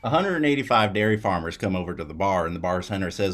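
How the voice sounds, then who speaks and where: Deep-voiced deadpan male joker. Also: fast, few pauses. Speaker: improv player.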